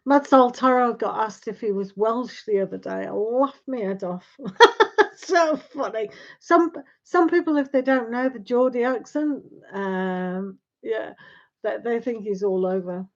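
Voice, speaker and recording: A woman's voice: fairly high pitch, a little slow. Chatty woman, lo-fi stream. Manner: chatty, rambling, tag questions. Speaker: tarot livestream host. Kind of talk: casual chat with live viewers. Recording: dull lo-fi livestream audio.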